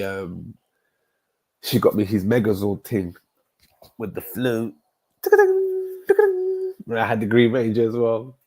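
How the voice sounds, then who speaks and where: A man, chatting casually on a live stream, animated and rambling, often repeating himself. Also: on the low side. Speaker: football streamer chatting with viewers.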